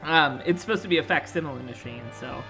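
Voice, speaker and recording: A woman's voice: low-pitched, fast talker, pushed and bright, faint music behind. A woman with an American accent, streaming and chatting casually with friends while they play a game, laughing and swearing freely.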